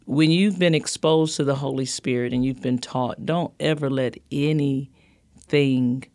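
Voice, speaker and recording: A woman's voice: rumbling low, fairly even intonation, unhurried, mellow, no room sound. Earnest middle-aged woman pastor, dry sound. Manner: earnest, repeats words as she builds a point. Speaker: pastor and podcast guest. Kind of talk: casual conversational interview.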